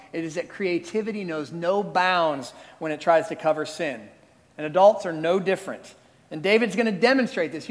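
A male pastor in his forties preaching with animated, conversational storytelling. His voice sits high for a man. It carries a long reverb, as if from a large hall. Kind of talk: sermon.

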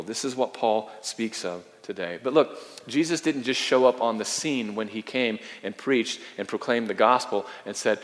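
A man's voice: on the low side, moderate pace, long reverb tail. A man preaching a sermon as a pastor, earnest and emphatic, often repeating his phrases.

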